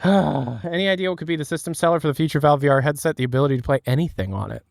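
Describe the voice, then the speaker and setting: A man's voice: fairly high pitch, rapid-fire, vocal fry, no room sound, studio quality. A man streaming from home, chatting casually, joking and laughing at his own bits. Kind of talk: casual chat.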